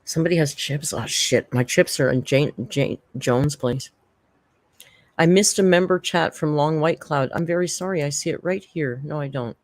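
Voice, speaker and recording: A low-pitched woman from Canada speaks at a moderate pace, with no echo, while running a casual livestream from home. Using a desk microphone, she rambles on and thanks people in the chat.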